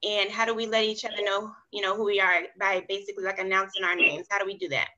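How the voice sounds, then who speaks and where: A woman's voice: mid-range voice, steady tone, quick pace, sharp tone, lo-fi sound. A woman leading an online group language lesson over a video call, encouraging the group and spelling words out letter by letter. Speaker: study group facilitator.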